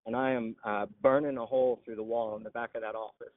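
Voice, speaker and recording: A veteran telling his story in an interview, halting with frequent "uh" pauses. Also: medium pitch, level tone, no echo. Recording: tinny phone-like line.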